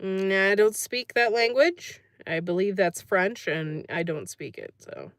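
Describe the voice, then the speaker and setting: A woman talking casually to her livestream viewers, reading their comments aloud and laughing along. Her voice sits in an ordinary middle pitch. The sound is dry and close, with no room echo. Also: lively intonation, measured pace. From United States. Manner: chatty, laughs often, reads chat comments aloud. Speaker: livestream host.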